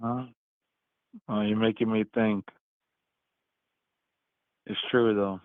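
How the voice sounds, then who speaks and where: A man's voice: lowish voice, little pitch movement, slow, noisy background. A man in his forties in a casual heated debate, stammering, repeating words and laughing often. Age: 40s. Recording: tinny phone-like call audio.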